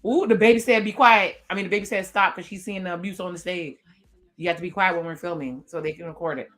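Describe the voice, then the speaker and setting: A woman hosting a reaction video, recapping a TV episode in a chatty, expressive way and reading character lines aloud. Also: on the low side, fast, soft background music. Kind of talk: casual commentary recapping a TV episode.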